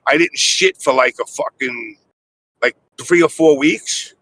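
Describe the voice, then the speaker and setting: A man streamer telling a crude story in casual chat, animated, with put-on voices for the people in it. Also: a little high, a little slow, low-quality recording.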